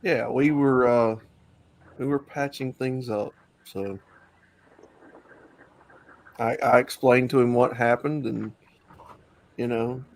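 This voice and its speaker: A man's voice: medium pitch, steady tone, slow pace, gravelly, long pauses. A man hosting an online talk stream, chatting casually in a loose, rambling way with many fillers. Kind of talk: casual chat.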